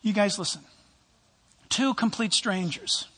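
A male pastor preaching a sermon, telling stories and acting out the voices in them with an animated manner. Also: high voice, measured pace, breathy edge. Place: church sanctuary. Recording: long hall reverb.

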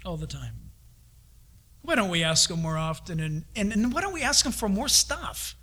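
Middle-aged man preaching; high, forceful, bright delivery, animated quotes. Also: moderate pace. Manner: animated, acts out voices of God and his kids. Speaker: pastor. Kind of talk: sermon.

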